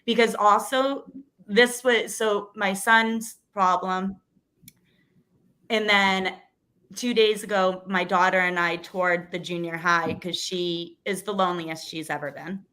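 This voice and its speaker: A woman's voice: mid-range voice, steady tone, slow, bright, forceful tone. A woman in her thirties or forties, a school committee candidate, telling a personal story as a guest in a casual interview, earnest and emotional, with frequent restarts.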